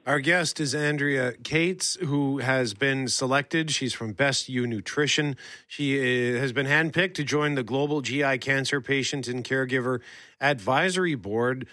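A man hosting a live radio show, introducing a guest in a brisk, upbeat way. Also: mid-range voice, bright, forceful tone, dry recording, studio quality. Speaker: radio host. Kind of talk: radio interview.

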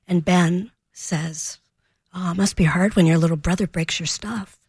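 A woman in her thirties, a child behavior expert, telling a parenting story on a radio talk show and acting out the calm words she used. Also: fairly low pitch, normal speed, husky, no room sound, studio quality.

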